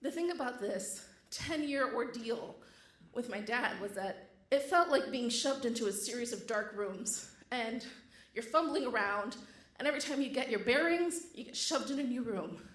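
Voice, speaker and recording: A woman's voice: fairly high pitch, expressive, normal speed, a bit bright, roomy sound. A woman telling a true story on stage with a wry, comic delivery. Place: stage before a live audience.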